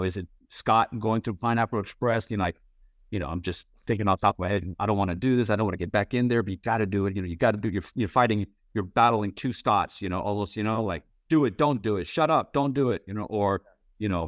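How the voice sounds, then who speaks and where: Male interviewer, low voice, rambling and candid, dry close sound. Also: no echo. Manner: rambling, full of "you know" and restarts; candid, swears casually. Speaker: interviewer, playwright and actor. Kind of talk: casual interview talk.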